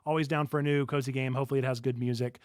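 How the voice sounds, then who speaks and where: A man's voice: medium pitch, little pitch movement, a little mellow, clear, resonant tone, no room sound, studio quality. A man co-hosting a gaming livestream, chatting casually and enthusiastically about upcoming games and laughing easily. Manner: upbeat, enthusiastic, quick to laugh. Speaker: stream co-host. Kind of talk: casual chat on a gaming stream.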